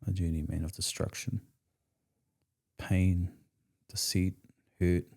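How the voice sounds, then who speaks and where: Speaking slowly in a low, level voice with vocal fry and a darkish tone, a man from New Zealand tells his story as a podcast guest. His candid, conversational account is blunt, profane and full of slang.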